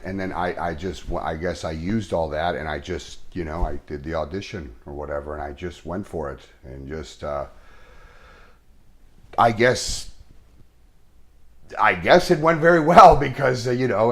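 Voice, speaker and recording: A man, an actor, telling an earnest and halting story in an interview, full of restarts. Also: low-pitched, a bit bright.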